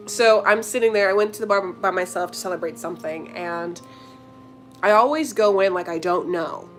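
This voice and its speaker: A young woman chatting casually to her viewers, telling a story with lots of slang, fillers and giggles. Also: fairly low pitch. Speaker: vlogger answering viewer questions.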